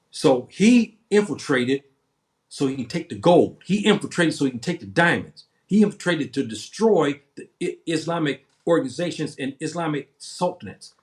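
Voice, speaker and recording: Man, 70s, livestream host; impassioned rambling monologue, repetitive, many restarts. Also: a little high.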